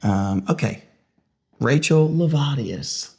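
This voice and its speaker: A man's voice: medium pitch, expressive, slow, creaky, darkish tone. A man co-hosting a podcast in casual chat, rambling with lots of fillers. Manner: rambling, uses many fillers. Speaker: podcast co-host.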